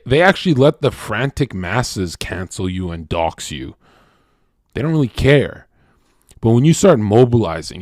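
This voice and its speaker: Profane, rambling male streamer, dry mic. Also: no echo. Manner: loose, profane, rambling with many restarts and rhetorical "right?"; swings from loud and worked up to low and muttered. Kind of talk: casual livestream rant.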